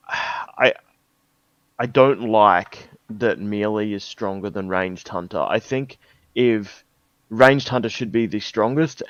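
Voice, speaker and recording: A man with a low voice speaks as a podcast guest. He hesitates often and restarts his sentences. His mic sounds dull and dry, like a cheap headset. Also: dry recording. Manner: hesitant, many ums and restarts. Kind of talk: casual podcast chat.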